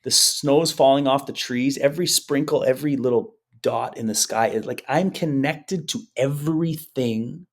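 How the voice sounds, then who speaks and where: A man's voice: medium pitch, normal speed, few pauses. A man who is a guest on a podcast interview, telling personal stories in an earnest, emotional way and acting out the quotes. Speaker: guest, hypnotherapist. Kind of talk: conversational interview storytelling.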